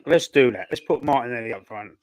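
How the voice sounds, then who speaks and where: On a live football fan stream, a Cockney man from London reads viewer comments and thinks out loud, rambling with lots of fillers as he fights off a cough that leaves him a little choked. He speaks quickly at medium pitch with a darkish tone, and the recording is dry.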